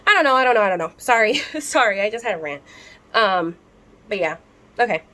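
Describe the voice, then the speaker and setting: A woman's voice: mid-range voice, expressive, a little fast, bright, forceful tone. Young woman vlogger, fired-up, swears freely, rambles through a rant straight to camera. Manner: heated, profane, rambling with many fillers.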